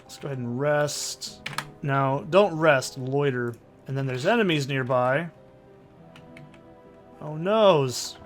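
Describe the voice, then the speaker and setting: Excitable man narrating a game. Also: mid-range voice, measured pace, soft background music. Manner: excitable, swears freely. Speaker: let's play host. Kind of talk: casual gameplay commentary.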